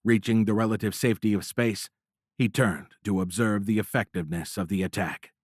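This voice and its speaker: A man narrating a military thriller audiobook in a measured, dramatic reading, recorded close. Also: on the low side, steady tone, no echo. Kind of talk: scripted narration. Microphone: close studio mic.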